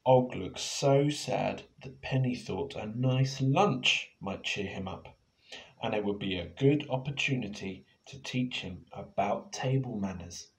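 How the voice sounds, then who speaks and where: A man reading his picture book aloud to children in a playful, expressive way, now and then turning to ask them questions. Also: on the low side, unhurried. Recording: echoey room.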